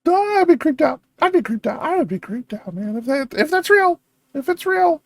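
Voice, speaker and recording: A woman hosting a reaction video, thinking aloud with excitable chatter and frequent laughs. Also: high-pitched, normal speed, dry recording.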